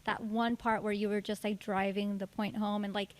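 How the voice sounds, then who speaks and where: A woman's voice: medium pitch, level tone, normal speed. A woman in a workshop giving chatty feedback, using "like" a lot. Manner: chatty, uses lots of "like". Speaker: workshop participant. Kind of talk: casual feedback.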